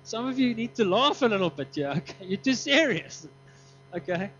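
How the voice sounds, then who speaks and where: High-voiced male preacher telling stories. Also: moderate pace. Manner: animated, acts out quoted dialogue, laughs often. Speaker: pastor. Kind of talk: sermon with storytelling. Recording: dull lo-fi recording with mains hum.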